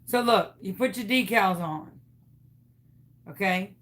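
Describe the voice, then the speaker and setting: A woman from the United States, host of a craft tutorial, telling a story in a chatty, animated way and often laughing. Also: mid-range voice, slow pace, long pauses. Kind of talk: casual storytelling.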